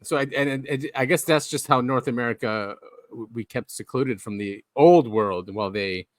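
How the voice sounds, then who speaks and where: A man's voice: medium pitch, moderate pace, no room sound, studio quality. Chatty man hosting a podcast. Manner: chatty, explains things eagerly. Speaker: podcast host. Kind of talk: casual chat.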